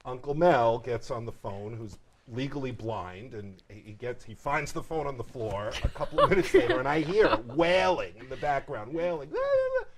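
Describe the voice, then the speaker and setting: A middle-aged man telling family stories in a casual chat, animated, jumping into voices for other people. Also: medium pitch, moderate pace. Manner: animated, jumps into voices for characters. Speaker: storyteller in a family conversation. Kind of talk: casual storytelling.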